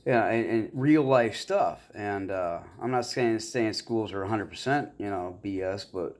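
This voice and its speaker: A man's voice: on the low side, unhurried, a little mellow. A man from the Midwest of the US talking in a rambling, casual vlog monologue, full of fillers and self-deprecating asides. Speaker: YouTuber.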